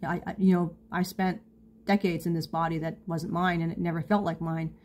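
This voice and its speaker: Halting, candid middle-aged woman. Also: fairly low pitch, flat delivery, darkish tone, slight background noise. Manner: halting, full of restarts and "you know"; candid, self-mocking with small laughs. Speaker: vlogger. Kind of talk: casual confessional monologue.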